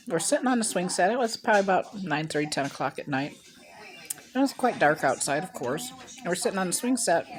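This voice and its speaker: Chatty older woman rambling into her phone. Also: on the low side. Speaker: mukbang vlogger. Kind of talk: casual storytelling to camera. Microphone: handheld phone.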